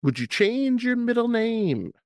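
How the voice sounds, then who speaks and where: A woman's voice: on the high side, measured pace, dry recording, clean studio sound. A woman hosting an interview, reading out numbered questions and joking with her guest. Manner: lively, jokey, reads numbered questions. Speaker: interview host.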